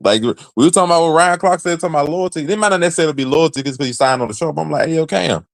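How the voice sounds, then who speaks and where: Young man, podcast co-host, casual sports talk, slangy, animated, slightly high voice. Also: rapid-fire, dry recording. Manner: animated, acts out imagined dialogue, slangy.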